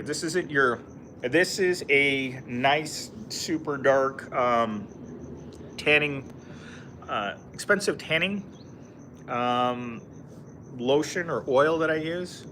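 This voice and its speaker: A man's voice: mid-range voice, takes it slowly, bright, forceful tone, a little hiss or hum. A man live-streaming outdoors, chatting casually with viewers and reading their comments, rambling with lots of fillers and frequent laughs. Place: outdoors in a park.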